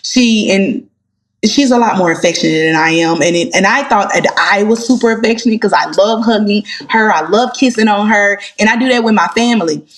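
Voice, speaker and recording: Lady gospel singer, chatty and animated, talks to her listeners like friends. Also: medium pitch, brisk. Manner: animated, heartfelt storyteller, addresses listeners as y'all. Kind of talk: casual interview chat.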